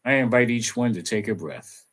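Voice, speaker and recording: A man, a reverend, giving a reflective spiritual talk and leading slow guided affirmations with pauses and repeated phrases. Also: mid-range voice, lively intonation.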